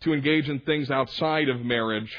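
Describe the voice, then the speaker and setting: A man's voice: medium pitch, moderate pace, dull audio. A young adult male minister preaching a sermon in a conversational way, acting out quoted voices and adding asides.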